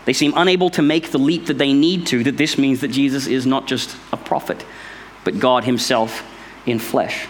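A man's voice: mid-range voice, steady tone, normal speed, a little hiss or hum. A man giving an informal Bible study, explaining step by step in a thoughtful, conversational way. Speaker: Bible teacher.

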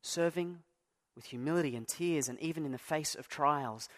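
A man preaches to his church in an easy, conversational way. He pokes fun at himself and leans hard on key words for emphasis. His voice sits a touch higher than most men's. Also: normal speed. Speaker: pastor. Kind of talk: sermon.

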